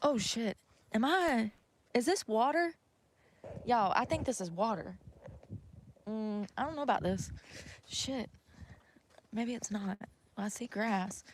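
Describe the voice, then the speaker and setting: A woman chats live to her viewers in an unhurried, drawling way, rambling and swearing freely while out of breath. She is outside in the snow by a river, talking into a handheld phone, with a faint hiss underneath. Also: fairly high pitch, expressive. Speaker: vlogger. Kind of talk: casual livestream chat.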